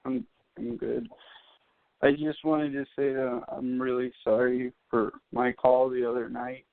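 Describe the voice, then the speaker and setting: A man calling in to a radio show, speaking in a hesitant, deadpan way. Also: medium pitch, measured pace, creaky, dry recording. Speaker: caller. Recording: dry, tinny phone line.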